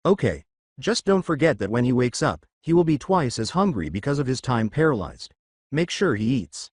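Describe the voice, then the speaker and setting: A man's voice: mid-range voice, very animated, moderate pace, dry recording, clean studio sound. A man voicing a cheeky young male ninja in a fan story, with a teasing, casual manner.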